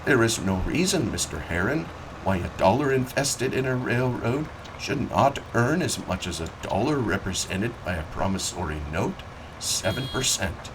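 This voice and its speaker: A man reading aloud, voicing a calm, smooth-talking railroad agent who placates farmers. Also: on the low side, moderate pace, far from the mic, background noise, pitched above the performer's own voice.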